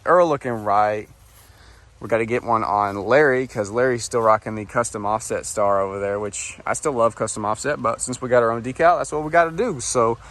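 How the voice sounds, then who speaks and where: A man's voice: mid-range voice, fairly bright tone, no echo. A young man, chatting casually to viewers in a laid-back vlog, recorded outdoors in the rain. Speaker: vlogger.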